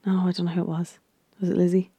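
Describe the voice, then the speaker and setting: A woman's voice: fairly low pitch, completely flat delivery, fast talker, mellow, slightly rough, no room sound. A woman casually recapping a baking show, chatty and giggly, with lots of ums and restarts.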